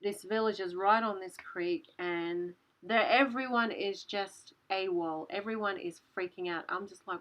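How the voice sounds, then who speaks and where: A woman, telling a story in a casual way, animated and breathless, full of "like" and the odd swear word. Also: mid-range voice, unhurried, hardly any pauses, highs cut off. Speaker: channel host.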